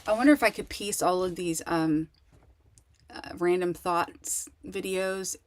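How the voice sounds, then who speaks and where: A woman speaking in a lowish voice, talking straight to camera about her own life. She rambles and halts, restarting sentences and reaching for words. She stays candid and raw throughout. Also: fairly even intonation. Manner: rambling, halting, many restarts and fillers; candid and emotional. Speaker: vlogger. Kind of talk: casual personal monologue.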